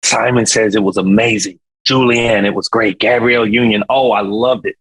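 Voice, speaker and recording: Husky man telling a slangy story. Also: lowish voice, moderate pace, poor audio. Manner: animated, slangy storytelling with sound effects. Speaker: guest, singer. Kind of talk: casual storytelling interview.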